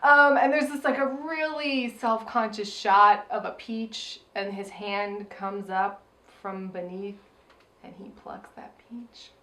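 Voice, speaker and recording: With a roomy echo around her, a woman speaks slowly in a mid-range voice. She's an animated, profane co-host on a film review podcast, casually chatting and performing her reactions out loud.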